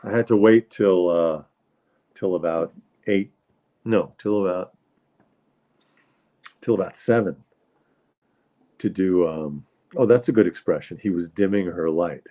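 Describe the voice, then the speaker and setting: A man hosts a livestream in a loose, rambling way and keeps greeting his viewers as he talks. His voice sits on the low side, and the audio is dull and lo-fi. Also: unhurried, pauses often. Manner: rambling, easygoing, greets chat often. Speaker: livestream host. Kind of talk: casual chat with viewers.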